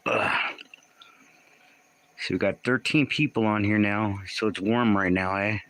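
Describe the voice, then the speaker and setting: Casual male livestream host at home, lowish voice with a sharp edge, chats with and reacts to viewers. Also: steady tone, unhurried, rough recording. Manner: reads out and answers viewer comments, often confused.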